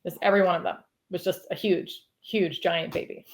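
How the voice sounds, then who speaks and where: A woman guest on a podcast, telling a story in a lively, casual way, laughing often and saying "like" a lot. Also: fairly low pitch, brisk. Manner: animated, laughs often, heavy use of "like".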